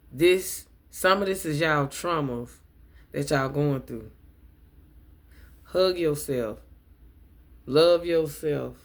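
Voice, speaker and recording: A woman tarot reader speaks straight to her viewers, calling them y'all. She talks slowly, with a gravelly rasp in her voice. She turns emotional and repeats her affirmations over and over. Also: low voice. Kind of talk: tarot reading video.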